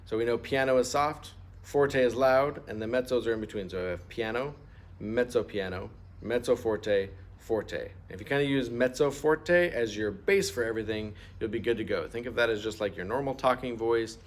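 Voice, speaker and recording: In a fairly quick, medium-pitched voice, a middle-aged man patiently teaches an instrument lesson step by step. He asks students to repeat terms out loud.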